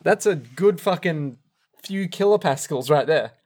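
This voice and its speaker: A man's voice: fairly high pitch, animated, a little slow, a little mellow. A young man co-hosting a casual podcast chat, swearing freely and firing off wisecracks. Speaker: podcast co-host. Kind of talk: casual chat recapping an anime.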